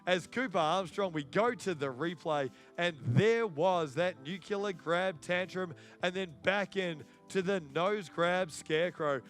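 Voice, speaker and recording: A man giving excitable live sports commentary and hyping up the crowd. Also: high voice. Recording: faint music in the background.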